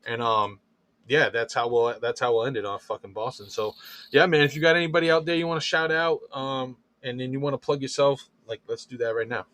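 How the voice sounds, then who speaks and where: A man's voice: mid-range voice, steady tone, a little fast, fairly bright tone. A man hosting a podcast in casual, loose chat, swearing freely and leaning on fillers. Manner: loose, profane, filler-heavy talk. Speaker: podcast host.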